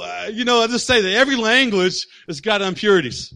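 A man preaching a sermon as pastor, telling stories with humor and shifting between loud, excited passages and quieter explanation. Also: high-pitched, a little fast, hardly any pauses. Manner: storytelling preacher, animated and humorous.

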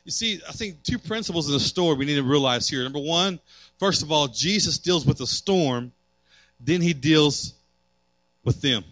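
A man's voice: fairly high pitch, expressive, normal speed, fairly bright tone, dry recording. A man preaching a sermon as pastor, building fervor and acting out quotes.

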